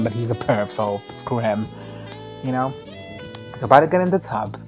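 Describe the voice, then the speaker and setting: A man giving a casual, foul-mouthed movie recap, sarcastic and often laughing. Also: mid-range voice. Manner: crude, sarcastic, laughs often, mimics characters.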